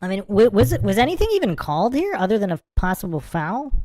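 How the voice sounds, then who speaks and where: Woman, livestream host, casual reaction commentary, giggly, rambling, bouncy pitch. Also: big pitch swings, fast, warm tone, dry recording. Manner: giggly, keeps breaking into laughter; rambling, repeats itself.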